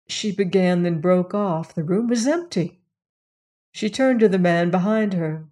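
The narrator, a woman, reads a novel for an audiobook from a script. She keeps a calm, even storytelling rhythm, and her pitch is fairly low.

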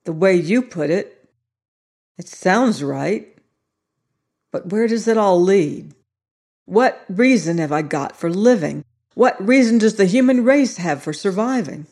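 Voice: mid-range voice, animated, unhurried, a little mellow. A resentful young man from an audiobook, played by the narrator. He speaks bluntly and curtly, with a stubborn edge to everything he says. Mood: searching. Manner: curt and direct. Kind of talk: audiobook reading.

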